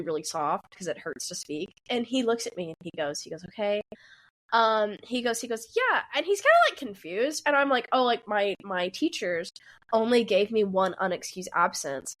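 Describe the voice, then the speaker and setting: A woman in her twenties co-hosting a podcast, telling a story in a casual, animated way, often laughing and acting out the people in it. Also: mid-range voice. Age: 20s. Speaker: podcast co-host.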